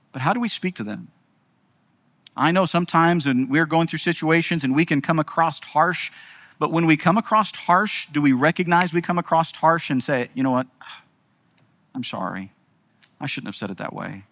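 A middle-aged man preaching, his voice sitting a little high for a man. He hammers home repeated phrases, dropping to near-quiet asides and then rising with urgency. The sound is close and dry, with little room around it. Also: no room sound. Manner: swings between quiet intimate lines and raised emphatic ones. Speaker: pastor. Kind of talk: sermon.

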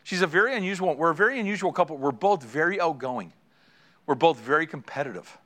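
This pastor, a middle-aged man, sounds a little high and somewhat bright, speaking quickly and with animation. Addressing married couples in his congregation directly, he spins stories and chuckles at them himself.

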